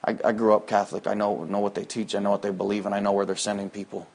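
A man preaching a sermon, moving between loud, high-pitched emphatic lines and low, quiet asides. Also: flat delivery, very fast, vocal fry. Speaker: pastor.

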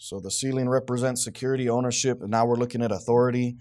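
A Bible teacher with a medium-pitched voice talks fast as he guides a small group. He reads scripture with mounting force before unpacking it casually and conversationally.

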